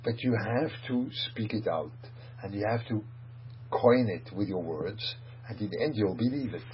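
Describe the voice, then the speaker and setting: Male rabbi type, lowish voice, emphatic lecturing; dull, hum-laden recording. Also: moderate pace. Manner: emphatic, rhetorical questions, mixes Hebrew and Yiddish phrases. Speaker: rabbi teaching. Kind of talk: Torah lecture on Psalms.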